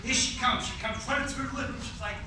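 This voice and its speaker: A man works a comedy club crowd in a loud, punchy stand-up voice, pitched high. The sound is echoey and distant, with the noise of the room underneath. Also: fairly even intonation, fast talker. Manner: loud, punchy, acting out family members. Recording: echoey club audio from far off, noisy.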